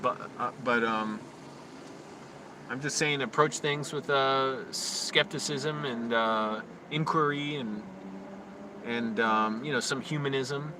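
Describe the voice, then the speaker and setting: A young man live-streaming outdoors in a park on his phone, rambling to his chat and often ranting loudly. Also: mid-range voice, background noise. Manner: rambling, quick to rant and get loud.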